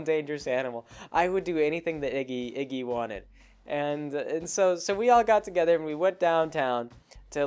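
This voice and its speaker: A man's voice: on the high side, smooth. A man telling a rambling, casual story about a tabletop game, acting out the characters as he goes. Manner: rambling, with many fillers and restarts, acting out characters. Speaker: podcast host telling a story.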